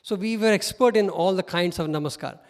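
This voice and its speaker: A middle-aged man with an Indian English accent tells stories as a guest speaker. He speaks in a high-pitched, animated voice and laughs often. The sound carries a long reverb, as if from a hall. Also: fairly quick. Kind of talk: storytelling talk.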